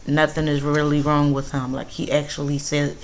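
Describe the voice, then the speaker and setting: Low-voiced Philly woman, casual storytime. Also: flat delivery, normal speed, slight background noise. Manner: candid, chatty, occasional cursing. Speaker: vlogger. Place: home, indoors.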